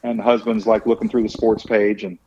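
A man's voice: on the low side, little pitch movement, fairly quick, darkish tone, highs cut off, a little hiss or hum. A middle-aged man with a Texan accent, hosting a cooking show with folksy, chuckling banter and jokes. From Texas. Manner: folksy, chuckling, drawling asides. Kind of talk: casual banter and joke telling.

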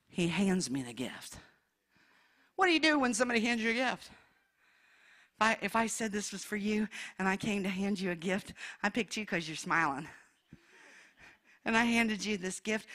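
A woman preaching in a church, telling her testimony with emotion, moving between hushed passages and loud ones. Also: mid-range voice. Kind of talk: testimony sermon.

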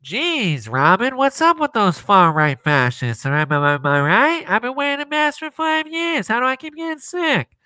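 A whiny, self-pitying middle-aged radio host, as a man puts him on in a bright, clear voice, drawing out his words. He complains in an exasperated tone and sounds a little off-mic. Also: very high voice, very animated, normal speed, no echo, pitched above the performer's own voice, full character voice.

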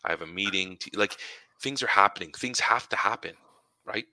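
A man's voice: on the low side, a little fast, pushed and bright, dry recording. A man in his forties co-hosting a podcast, telling rambling stories in casual chat and laughing often. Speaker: podcast co-host.

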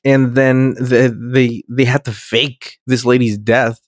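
A man's voice: medium pitch, flat delivery, slow, no room sound, studio quality. A man in casual podcast chat, rambling, swearing freely and acting out characters. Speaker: podcast co-host.

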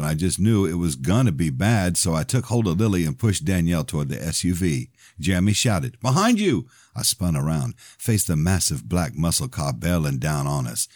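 A man with a very low, deep voice reads his own novel aloud in steady first-person narration. The sound is dry and close, with no room around it. He keeps an even pace as a podcast host sharing his fiction. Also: dry recording.

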